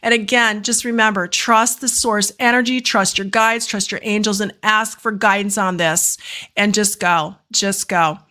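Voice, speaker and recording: A woman hosting a live stream, reading oracle cards and doing channeled healings, talking fast and effusively with rambling asides and exclamations. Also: medium pitch, steady tone, bright, forceful tone. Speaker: oracle card reader and energy healer. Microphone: live stream setup.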